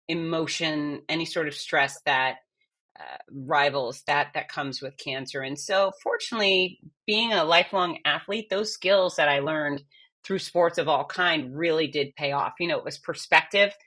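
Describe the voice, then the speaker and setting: A woman's voice: sits low, pushed and bright. A middle-aged woman, a fitness expert, speaking candidly and with emotion as an interview guest. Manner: candid, emotional, quick bursts. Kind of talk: conversational interview.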